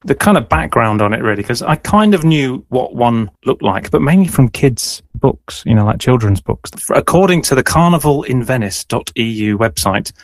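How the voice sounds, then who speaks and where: A man's voice: medium pitch, lively intonation, moderate pace, hardly any pauses, no echo. A man hosting a radio show, chatting casually with a guest and running a playful quiz, with lots of fillers and hedges.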